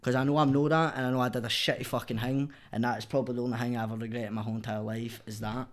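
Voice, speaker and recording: A man's voice: mid-range voice, flat delivery, very fast. A young man with a Glaswegian accent, telling his story as a podcast guest in blunt, sweary casual chat. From Scotland.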